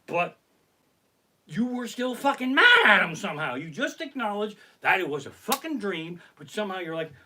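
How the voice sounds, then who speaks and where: A middle-aged man, a comedian telling profane, animated stories during a live stream from his living room. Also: high voice, moderate pace. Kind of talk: live-streamed comic storytelling. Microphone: basic home streaming setup.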